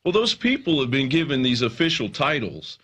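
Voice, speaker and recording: Guy guest on a talk show, calm, bright voice, explaining stuff. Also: medium pitch, a little fast, husky. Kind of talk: studio chat.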